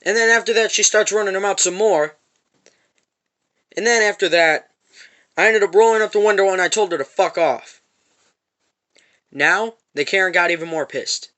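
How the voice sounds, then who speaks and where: Angry storytime vlogger, man, high bright voice, swears constantly. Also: normal speed, long pauses. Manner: profane, repetitive storytelling. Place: parked van.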